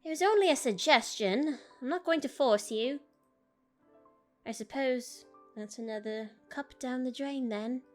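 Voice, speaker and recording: Woman voicing a genteel old doll lady for a game read, proper put-on accent, gentle and lonely, faint music behind. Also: sits high, a little slow, voice pushed up. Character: prim antique female doll, gentle and lonely.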